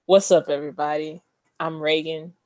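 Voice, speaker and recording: A woman's voice: low-pitched, level tone, moderate pace, dry recording. A young woman co-hosting a sports podcast, chatting casually in a teasing, emphatic way and repeating herself. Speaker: podcast co-host.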